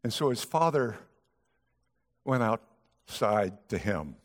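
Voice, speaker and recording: A man's voice: lowish voice, very animated, takes it slowly. A male guest pastor preaching a sermon, telling a story and voicing the characters' lines. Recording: long hall reverb.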